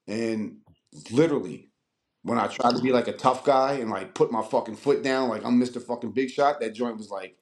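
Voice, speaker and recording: A man in his forties from Annapolis, Maryland, telling stories as a guest in a casual interview, profane and animated, acting out the voices of people he quotes. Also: mid-range voice, fast talker. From Annapolis, Maryland, USA. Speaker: guest rapper.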